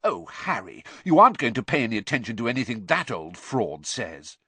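A man voicing a clever, sensible teenage girl in a storybook reading, brisk and reasonable in a raised pitch. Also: sing-song, pushed and bright, husky, no echo, heavily acted. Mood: earnest.

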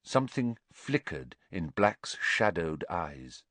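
A man narrating a fantasy novel as an audiobook in a slow, dramatic way. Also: sits low, big pitch swings, a bit bright, no echo.

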